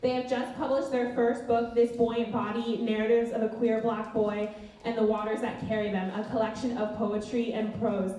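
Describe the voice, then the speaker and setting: Mellow woman host announcing in an echoey hall. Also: fairly high pitch, flat delivery. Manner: slow, emphatic announcing. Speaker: event host. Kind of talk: stage introduction. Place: live stage in a hall. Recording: echoey hall, distant mic.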